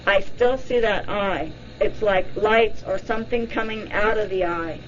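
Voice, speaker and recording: Brief: woman reading a shaken hypnosis subject, halting, lo-fi sound. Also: mid-range voice, slight background noise, lightly acted. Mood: dazed. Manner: halting, dazed first-person recall. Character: shaken woman recalling a glowing eye under hypnosis.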